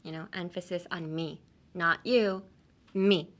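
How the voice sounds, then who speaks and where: A woman's voice: fairly low pitch, steady tone, unhurried. A young woman in her twenties hosting an English-learning podcast, chatting casually and laughing often. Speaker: podcast host teaching English. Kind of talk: casual English lesson chat.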